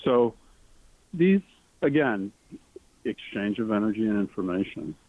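A husky, fairly low-voiced man speaks over a tinny phone line as an interview guest. He talks earnestly and with enthusiasm, and his pitch leaps on key words. The sound is dry and thin. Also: expressive, measured pace, dry recording. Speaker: author guest. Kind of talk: interview conversation.

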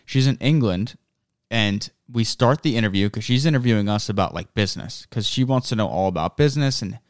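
A man's voice: on the low side, brisk, clean tone, no echo, studio quality. A young adult man co-hosting a podcast in casual, rambling chat, often cutting himself off mid-sentence. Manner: rambling, self-interrupting. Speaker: podcast co-host.

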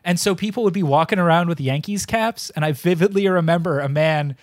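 A man's voice: a little high, a little fast, no echo, clean studio sound. A young man from New York co-hosting a casual podcast, joking and telling stories. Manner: joking, storytelling, does silly voices. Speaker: podcast co-host. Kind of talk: casual chat. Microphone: home microphone.

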